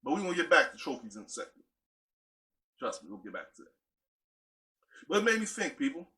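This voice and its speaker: A man's voice: on the high side, sing-song, fairly quick, sharp tone. A man giving a motivational talk in an emphatic, conversational way, repeating phrases for effect. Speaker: motivational speaker.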